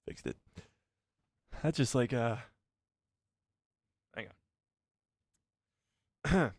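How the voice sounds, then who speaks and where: A man's voice: medium pitch, expressive, very slow, dry recording, clean studio sound. A man hosting a casual live stream, reading out viewer messages and chatting back to them by name, laughing often, on a headset mic.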